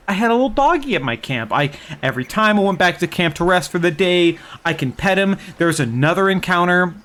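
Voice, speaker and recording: A young man telling game stories in a casual, excited and profane way as a streamer. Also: a little high. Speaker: gaming streamer. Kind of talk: casual chat.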